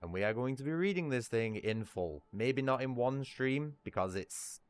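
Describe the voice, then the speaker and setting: A man's voice: medium pitch, animated, normal speed, smooth, dry recording. A man with a northern Lancashire accent chatting casually on a livestream, rambling, swearing freely and laughing at himself. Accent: northern English, Lancashire.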